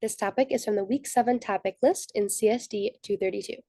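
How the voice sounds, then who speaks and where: A young woman walks through a class presentation point by point, reading from prepared notes. Her voice is mellow and warm rather than bright. The recording is dry, with no room sound. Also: mid-range voice, fairly quick, no echo. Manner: methodical, reads from prepared notes. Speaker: student presenter. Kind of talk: scripted slide presentation.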